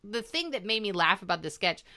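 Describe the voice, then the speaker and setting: A young woman co-hosting a casual podcast chat, animated and laughing often, acting out quotes in high voices. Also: a little fast. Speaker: podcast co-host. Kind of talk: casual chat reviewing a comedy show.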